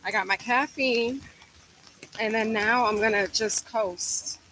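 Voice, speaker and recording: A woman's voice: on the high side, slow, bright, forceful tone, a little hiss or hum. A woman chatting casually with viewers on a live stream, walking in from the rain and then talking at home, a bit out of breath. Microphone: phone camera.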